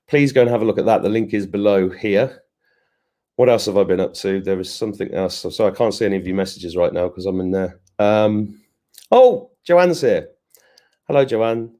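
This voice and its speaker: A man's voice: on the low side, dark tone. A man hosting a casual live stream, greeting viewers by name and joking as he rambles. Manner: chatty, joking asides, rambling restarts.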